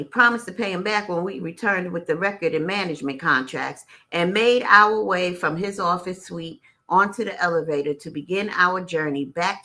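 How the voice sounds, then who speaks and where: A woman's voice: on the low side, pushed and bright. A woman reading a memoir aloud on a live stream and breaking off to greet viewers and add blunt, profane side comments. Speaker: audiobook reader and live-stream host.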